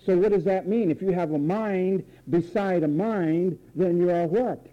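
A man's voice: high-pitched, measured pace, muffled recording. A man preaching a sermon, theatrical, acting out voices and repeating phrases for effect.

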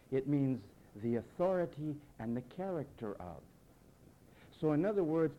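A man preaching a sermon emphatically, with rhetorical questions and big swings between loud and soft. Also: on the high side, dull audio.

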